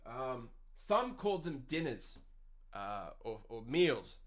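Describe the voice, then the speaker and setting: A man's voice: mid-range voice, sing-song, slow pace. A man in his twenties with an Australian accent hosting a podcast, ranting in a profane, exasperated and sarcastic way. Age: 20s. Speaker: podcast host.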